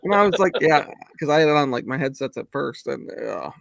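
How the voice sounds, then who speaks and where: A man's voice: mid-range voice, expressive, fairly quick, gravelly, dry recording, studio quality. A man in a casual podcast chat, laughing often and reacting crudely.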